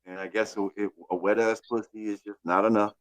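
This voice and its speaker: A male host runs a casual livestream, calmly reading out viewers' names with thanks. His voice sits low. The sound is dry, with no room around it. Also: a little fast, no room sound. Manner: laid-back, reads out viewer names and thanks them.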